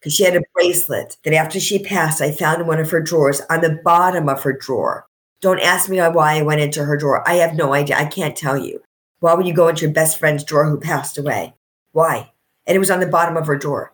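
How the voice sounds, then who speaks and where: A middle-aged woman guest on a podcast, talking in a heartfelt, reflective way and slowing down to stress her points. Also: low-pitched. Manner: heartfelt, reflective, slows for emphasis. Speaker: guest, coach and author. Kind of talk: emotional podcast interview.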